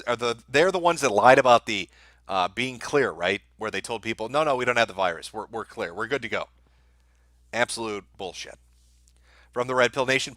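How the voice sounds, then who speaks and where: A man's voice: medium pitch, bright, forceful tone, no echo. A man hosting a live stream, reading out viewer messages and answering them with sardonic, profane commentary.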